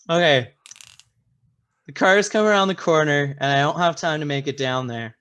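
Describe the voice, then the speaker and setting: A player in a tabletop game, eager and quick to react. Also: mid-range voice, a bit bright, smooth.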